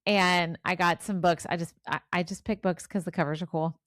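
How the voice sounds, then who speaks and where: A woman in her forties co-hosting a casual podcast chat, animated and acting out her own reactions as she talks. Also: on the low side, fairly quick, no echo, clean studio sound. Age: 40s. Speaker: podcast co-host.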